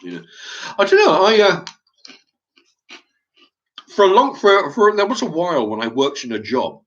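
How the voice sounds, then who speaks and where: A middle-aged man with an English accent, talking in a halting, rambling monologue to his channel's viewers, often stumbling and repeating his words. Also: high-pitched, sing-song, a bit bright, lo-fi sound. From England. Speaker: YouTube channel host.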